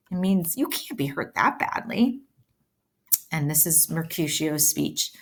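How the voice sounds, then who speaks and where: A woman's voice: deep voice, a little slow. A woman teaching a play, reading its lines aloud and explaining them in plain terms. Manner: switches between plain explaining and lively line reading.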